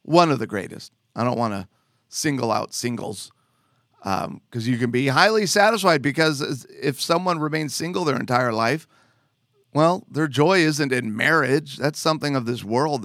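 A man preaching a sermon in an animated way, joking and putting on voices. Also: medium pitch, no echo, clean studio sound. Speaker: pastor.

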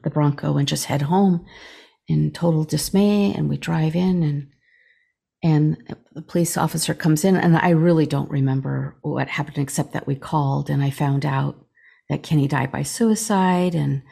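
Low, gravelly middle-aged woman. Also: dark tone. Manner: halting retelling, many fillers and restarts, acts out quoted dialogue. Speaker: podcast guest, chaplain. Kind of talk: personal storytelling in an interview.

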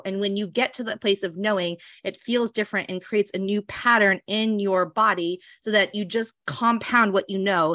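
Bright-voiced woman coaching solo. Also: medium pitch, dry recording, clean studio sound. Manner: casual, storytelling, heavy use of "like". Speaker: business coach and podcast host. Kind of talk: solo podcast monologue.

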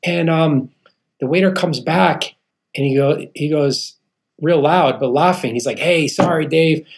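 There's background noise behind this fairly high, gravelly voice, unhurried in delivery. The speaker is a man in his thirties, a podcast guest who founded a real estate company, earnestly recounting his testimony, playing out the people in it, and calling the host "man."

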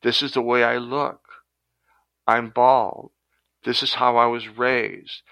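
Man doing shy young woman student, earnest, gravelly edge, bright tone, dry sound. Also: medium pitch, little pitch movement, slow, no room sound. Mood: resigned. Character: shy young female student, resigned to average grades.

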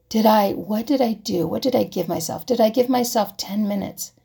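A woman's voice: medium pitch, normal speed, gravelly, few pauses, breathy edge. A woman talking reflectively to camera, asking herself a string of questions and sometimes dropping to a whisper. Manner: asks herself rhetorical questions, drops to soft whispers. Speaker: vlogger. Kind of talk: reflective personal talk.

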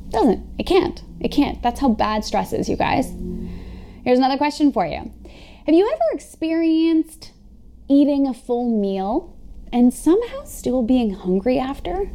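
Here a young woman health coach teaches on her own podcast, addressing her audience straight on, keeping it relaxed and cheerful, and cursing now and then. She speaks at a medium pitch with a warm tone.

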